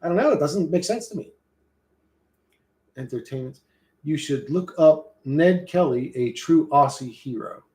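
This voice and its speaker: A man's voice: a little high, animated, measured pace, long pauses, a little mellow, roomy sound. Profane rambling American streamer guy. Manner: profane, rambling, loose and joking. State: hot and sweating. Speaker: streamer reading chat. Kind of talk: casual livestream chat.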